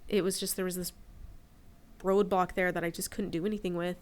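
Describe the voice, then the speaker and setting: A woman's voice: lowish voice, level tone, brisk. A woman in her forties, a podcast guest, telling personal stories in a candid, reflective casual chat.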